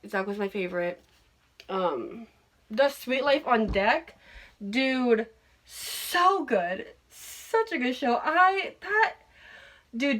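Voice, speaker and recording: Gushing young woman podcast host. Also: fairly high pitch. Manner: gushing, excitable, swears freely. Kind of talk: casual chat.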